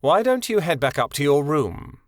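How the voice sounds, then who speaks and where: A man voicing a scheming villainous king with a slow, sickly sweet drawl. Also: fairly high pitch, big pitch swings, dry recording, clean studio sound. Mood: coaxing. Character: sinister scheming king, smooth and coaxing.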